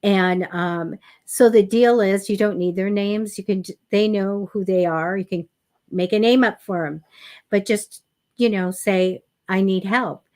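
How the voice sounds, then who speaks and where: A woman's voice: mid-range voice, unhurried, darkish tone. A woman hosting a casual psychic reading stream, chatting her way through personal stories. She talks in a loose, rambling style full of ums and restarts. She mixes in direct, encouraging advice. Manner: chatty and anecdotal, with many fillers. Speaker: psychic reader and host. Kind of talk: casual livestream chat.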